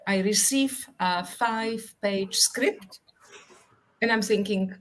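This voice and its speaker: Woman guest, dramatic storyteller, slightly non-native English, mid-pitched. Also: measured pace, poor audio. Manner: dramatic storyteller, emphatic and theatrical. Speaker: author and actress, guest. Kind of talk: animated anecdote in a live interview.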